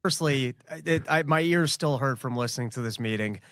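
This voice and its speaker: A man giving pointed political criticism in casual chat, with halting starts. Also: medium pitch, a bit bright, dry recording, clean studio sound.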